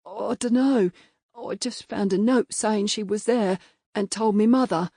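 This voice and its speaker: A woman's voice: mid-range voice, measured pace, mellow, no room sound, clean studio sound. A woman voicing a sullen young male farmhand who mumbles evasive answers.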